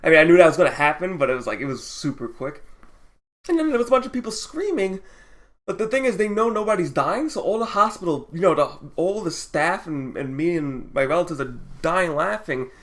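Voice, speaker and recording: A male vlogger with a slightly raised pitch, spinning a loose, rambling story. He talks casually and swears freely, breaking into laughter often. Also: big pitch swings, fairly quick, fairly bright tone.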